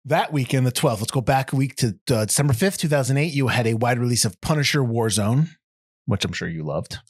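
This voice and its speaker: American male host, rambling and self-correcting, lively pitch. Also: brisk, breathy edge, no echo, clean studio sound. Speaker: podcast host. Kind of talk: casual chat.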